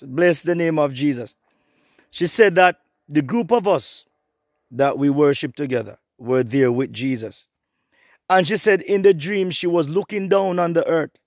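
A middle-aged man preaching an online sermon, fervent and repetitive, swinging between hushed and rising passages. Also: on the high side, dry recording, clean studio sound.

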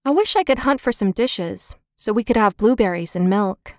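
A woman voicing a brisk, caring older girl. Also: medium pitch, expressive, no room sound, studio quality, lightly acted. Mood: gentle. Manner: brisk and soothing.

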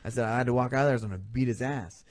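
A man's voice: medium pitch, racing, a little hiss or hum. A man telling a story as a guest in a casual chat, swearing freely and acting out his own quoted reactions. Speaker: podcast guest.

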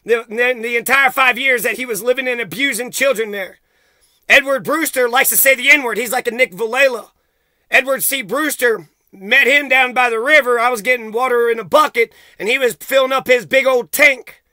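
A man with a very high, sharp and piercing voice unloads a profane, accusatory rant straight at the camera. His heated delivery sounds close and completely dry, with no room at all around it. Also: normal speed, no echo. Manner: heated, swearing constantly, accusatory. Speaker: vlogger.

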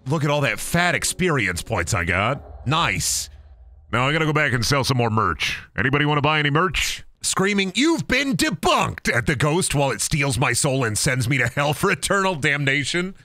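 A man's voice: medium pitch, expressive, normal speed, bright, forceful tone, no room sound. A young man streaming a ghost-hunting game, joking and swearing as he plays and slipping into silly put-on voices. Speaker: gaming streamer. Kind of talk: casual live-stream commentary while playing.

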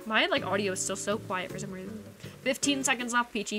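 During a casual game stream, a woman keeps up a brisk, medium-pitched patter, joking and teasing with her audience. Video game music plays behind her voice.

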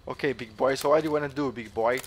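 A Brazilian man with a mid-range voice narrates his game to viewers, excitable and joking, swearing freely. He slides between his own language and Brazilian-accented English. A faint hiss sits under the recording. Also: mid-range voice, fast. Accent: Brazilian Portuguese. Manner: excitable, jokey, swears a lot, mixes in English. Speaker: gaming YouTuber. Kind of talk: gameplay commentary to viewers.

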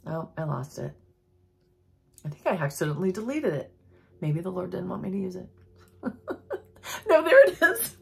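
A woman's voice: fairly low pitch, very animated, vocal fry, slightly rough. A woman giving an earnest, reflective Christian devotional talk, with tender emotion in her voice. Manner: earnest, reflective, reads quotes slowly and softly. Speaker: Christian teacher.

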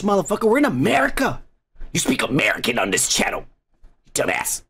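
A man's voice: high-pitched, very animated, a little fast, gravelly, a bit bright, husky. A man hosting a comedy podcast, reading out viewer comments in a crude, rambling way full of profanity and mocking asides.

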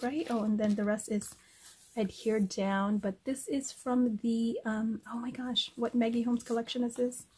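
Gushing slow-talking craft vlogger woman. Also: a little high, darkish tone, slight background noise. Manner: gushing, says "cute" and "oh my gosh" constantly. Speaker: craft vlogger unboxing happy mail. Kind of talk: casual unboxing chat to camera.

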